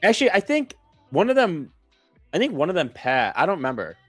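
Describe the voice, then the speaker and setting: A young man co-hosting a live trading stream, joking around quickly and swearing casually. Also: high-pitched, sing-song, a bit bright, dry recording, faint music behind. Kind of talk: casual chat.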